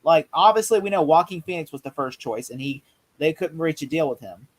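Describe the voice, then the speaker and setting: A man co-hosting a casual movie review chat, rambling excitedly and acting out quotes. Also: on the high side, brisk, poor audio. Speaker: podcast co-host.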